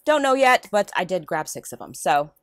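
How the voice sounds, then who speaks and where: Haul vlogger, woman, rambling casual delivery, very lively pitch, dry close sound. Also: normal speed, no echo. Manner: rambling, chatty, lively ups and downs. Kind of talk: casual chatty haul video. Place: home room.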